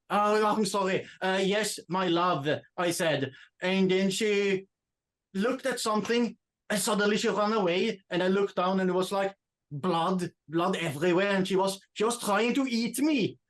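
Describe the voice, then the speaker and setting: A man voicing a lovesick young Swedish immigrant who hunts monsters, speaking with a put-on Swedish accent and halting English. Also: high voice, fairly bright tone. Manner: halting, searching for English words. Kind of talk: tabletop role-play in character.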